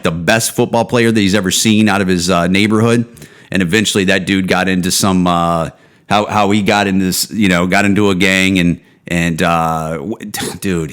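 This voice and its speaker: Profane rambling podcast man. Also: a bit bright. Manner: profane, rambling, trails off with low "dude" and "man". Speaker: podcast host. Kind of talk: casual solo rant.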